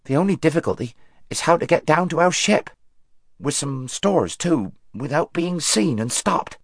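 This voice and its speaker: A man voicing an excitable male fawn who talks eagerly and impatiently in a storybook reading. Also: a little high, moderate pace, gravelly, no echo, clean studio sound, voice pushed up.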